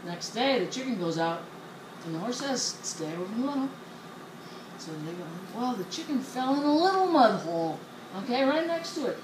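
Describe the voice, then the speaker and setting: A woman's voice: a little high, big pitch swings, normal speed. A woman telling long rambling jokes on a show, laughing as she goes and losing her place. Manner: chatty, laughs mid-joke, loses her place. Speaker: joke-telling co-host. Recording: echoey room with clear noise.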